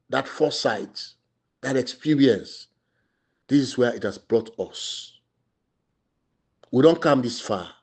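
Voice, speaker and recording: A middle-aged man from Sierra Leone speaks in a Sierra Leonean Krio English accent, his voice sitting at an ordinary middle pitch. He delivers passionate radio commentary, hammering his points by repeating them. His stressed words ring out loud before he sinks back into low murmurs. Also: breathy edge. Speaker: democracy activist commentator.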